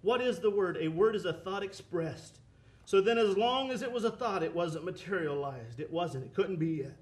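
A man's voice: high voice, animated, moderate pace. A man preaching a sermon with an impassioned, rising and falling cadence, quoting scripture.

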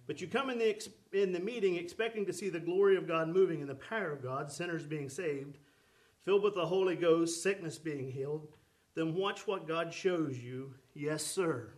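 A man's voice: fairly high pitch, normal speed. A man preaching a sermon with fervor, calling out to the congregation for responses. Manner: fervent preaching with calls to the congregation.

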